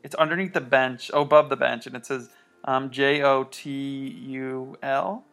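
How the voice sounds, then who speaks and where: A man's voice: mid-range voice, fairly even intonation, vocal fry, fairly bright tone, faint music behind. Rambling man hosting a casual chat. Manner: rambling, halting. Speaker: podcast host.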